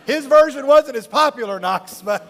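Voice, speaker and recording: High-voiced joking youth pastor in a hall. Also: male voice. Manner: jokey, rambling storyteller who laughs often. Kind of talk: humorous talk to a live youth audience. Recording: long reverb of a large hall.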